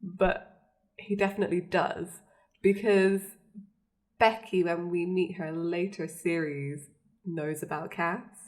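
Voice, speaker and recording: A woman's voice: lowish voice, fairly even intonation, takes it slowly, pauses often, a little mellow. Chatty woman podcast co-host. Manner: chatty, frequent fillers and laughter, quotes characters. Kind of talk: casual chat recapping a TV episode.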